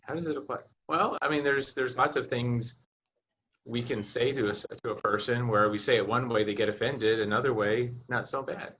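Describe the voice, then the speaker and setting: A man's voice: medium pitch, a little fast, a bit bright. A man co-hosting a casual podcast chat over a video call, teasing and playful, slipping into little acted bits. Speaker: podcast co-host. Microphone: video call mic.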